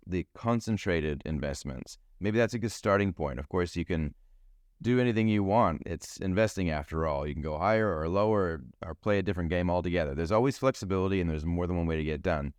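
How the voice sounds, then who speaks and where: A man's voice: low voice, darkish tone, dry recording, studio quality. A man hosting a solo podcast, a financial advisor talking in a chatty, jokey way. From New Zealand. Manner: chatty and jokey, food metaphors. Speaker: podcast host.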